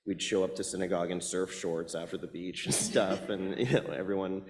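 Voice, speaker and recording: A man's voice: low voice, fairly even intonation, brisk, a little hiss or hum. A man who grew up in Hawaii, introducing himself as a comics writer on a panel, enthusiastic and rambling with fillers. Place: event hall. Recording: long hall reverb.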